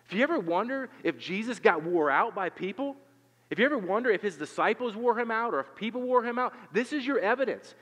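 A man preaches in an earnest, conversational sermon, asking the congregation questions and often doubling his words. His voice sits a little high for a man. It rings with a long reverb, as from a church sanctuary. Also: a bit bright. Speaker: pastor.

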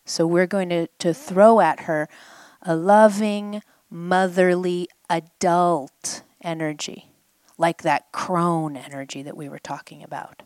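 Low-voiced woman coaching a healing exercise. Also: fairly even intonation, takes it slowly, a little mellow, no echo. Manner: coaxing, repeats phrases and prompts the listener. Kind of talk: guided healing exercise at a live event. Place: live event before a group.

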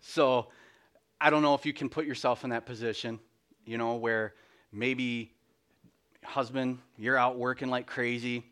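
A man's voice: medium pitch, steady tone, a little slow, long pauses, fairly bright tone. A middle-aged man giving a candid, self-deprecating personal testimony in church, full of restarts and little laughs. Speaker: lay speaker.

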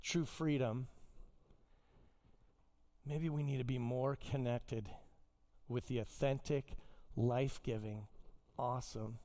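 A man preaching a sermon as pastor, telling stories with wide swings in pitch and loudness. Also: steady tone, slow, pauses often.

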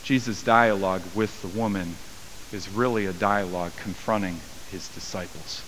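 A man preaching a sermon as a pastor, acting out the voices of the people in his story with rising pitch and volume. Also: fairly even intonation, moderate pace, fairly bright tone. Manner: acts out quoted voices with raised pitch and volume. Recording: long hall reverb with faint hiss.

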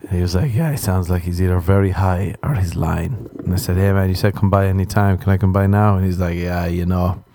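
A man's voice: deep voice, fairly quick, hardly any pauses, warm tone, slight background noise. A young man hosting a solo podcast, telling rambling stories full of swearing and acting out other people's lines. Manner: swearing, storytelling, acts out other voices. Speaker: podcast host. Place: Los Angeles.

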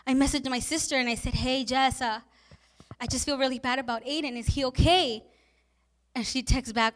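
A woman's voice: high-pitched, fairly bright tone. A young adult woman pastor preaching a sermon, telling personal stories in an earnest, emotional way.

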